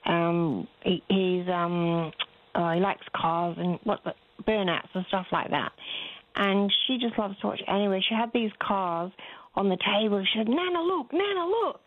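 A woman's voice: medium pitch, fairly even intonation, measured pace, no room sound. An older woman, calling into a radio show, who rambles and hesitates with many fillers. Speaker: caller. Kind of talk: casual phone chat. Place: phone call into a radio show. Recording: tinny phone line.

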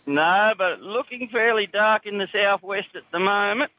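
A caller with a broad rural Australian accent phones in from his tractor for a casual chat, drawling in a laconic way. His voice is high-pitched at a moderate pace, and the phone recording sounds muffled.

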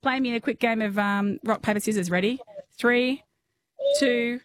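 A woman's voice: fairly high pitch, steady tone, normal speed. An Australian woman hosting a call-in radio quiz, chatty and laughing often. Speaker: radio host.

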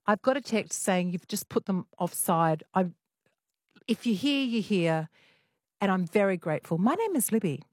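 A woman's voice: lowish voice, a little mellow, dry recording. Woman, radio host, chatty and playful, dry studio sound. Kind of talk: talkback radio hosting.

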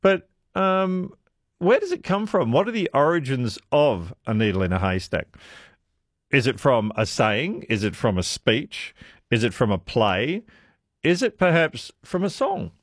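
A man hosts talkback radio, musing aloud with strings of questions. His voice rides up and down with lively pitch. It sits close and dry on the studio mic. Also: measured pace, dry recording. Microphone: studio microphone.

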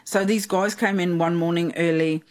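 A woman's voice: fairly low pitch, steady tone, normal speed. South African woman guest, chatty storyteller with lots of fillers. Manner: chatty, laughs often, many fillers. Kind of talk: casual storytelling.

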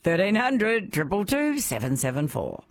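An Australian woman hosting a radio quiz, bubbly and quick to laugh. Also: on the low side, huge pitch swings, faint music behind. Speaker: radio host. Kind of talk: radio quiz show chat.

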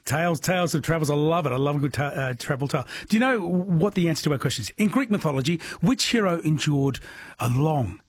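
Chatty husky radio host. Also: male voice, on the high side, expressive, fast talker. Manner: chatty, laughs often. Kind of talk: overnight radio quiz hosting. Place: radio studio.

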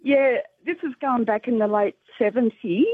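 An older woman phones in to a radio show. She tells her story in a lively way, often breaking into laughter. Her voice is a little husky and sits fairly high, and it comes through a tinny phone line in a dry sound. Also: moderate pace, dry recording. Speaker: caller. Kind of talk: telling an anecdote on radio call-in.

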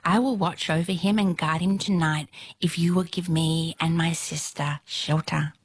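A storyteller doing a determined young heroine. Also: female voice, low voice, steady tone, normal speed, husky, no room sound. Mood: earnest. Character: brave young woman heroine, resolute.

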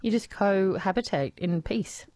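A woman hosting a casual talkback radio show, bubbly and quick with questions. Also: mid-range voice, darkish tone, no echo. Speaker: radio host. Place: radio studio.

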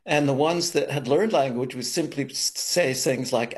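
A man, a guest expert on a radio show, explaining research in a measured, hesitant way. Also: mid-range voice.

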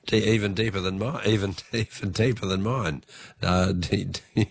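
A man hosting a radio phone-in quiz, chatty and quick to laugh. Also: on the low side, gravelly, slight background noise. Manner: chatty, laughs easily, stumbles a little.

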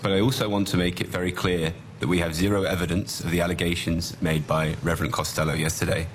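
A company executive gives firm, formal testimony at a hearing. His voice is very deep, with faint room noise behind him. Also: little pitch movement, fast talker. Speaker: corporate affairs director.

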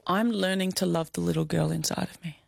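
A woman's voice: fairly low pitch, steady tone, a little fast, creaky, husky, no room sound. A young Australian woman telling a personal story in an interview, candid and heartfelt, close to tears. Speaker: guest.

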